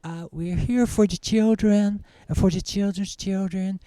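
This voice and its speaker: A man's voice: high voice, steady tone, a little slow, mellow, a little hiss or hum. A man voicing a preachy social services assistant in a stand-up routine.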